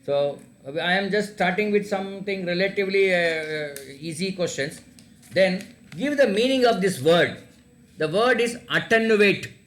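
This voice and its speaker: A man's voice: high-pitched, fairly bright tone. A man running an oral quiz for students, repeating each question and spelling words out letter by letter. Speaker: quiz teacher. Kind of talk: online class quiz, reading questions aloud.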